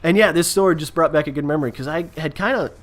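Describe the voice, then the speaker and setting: A young man hosting a gaming channel, telling a rambling, self-mocking story in a casual, animated way over gameplay. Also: on the high side, fast talker.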